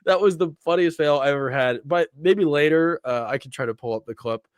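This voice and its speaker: A young man talks in a casual, rambling way, piling on fillers and breaking into small laughs as he recaps. His voice sits a bit high for a man. The sound is dry and close, with no room around it. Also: a little fast, clean tone, no echo. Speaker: host. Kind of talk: casual review chat.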